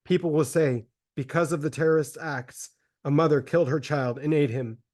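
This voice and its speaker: A man voicing a starving, grief-mad mother in a solemn, measured dramatic reading of a religious text. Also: fairly high pitch, steady tone, darkish tone, lightly acted. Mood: desperate tender.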